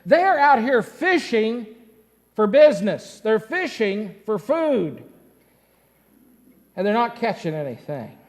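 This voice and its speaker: High-voiced pastor preaching in a reverberant church. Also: male voice, takes it slowly, long pauses. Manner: lively storytelling with questions to the congregation. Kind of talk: sermon. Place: church sanctuary. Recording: long church-hall reverb.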